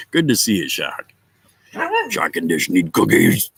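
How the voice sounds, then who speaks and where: Deep-voiced man rambling on a casual stream. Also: big pitch swings, takes it slowly, gravelly, a bit bright, slightly rough, no echo, rough recording. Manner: rambling, chuckling often. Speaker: livestreamer chatting with viewers. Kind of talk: casual storytelling chat. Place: outdoors at a picnic table in a yard. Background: faint outdoor ambience, dogs nearby.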